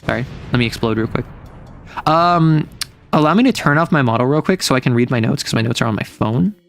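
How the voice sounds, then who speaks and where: A man's voice: medium pitch, animated, brisk, vocal fry, faint music behind. A man streaming from home, casually retelling his tabletop game session in a rambling way full of fillers and self-corrections.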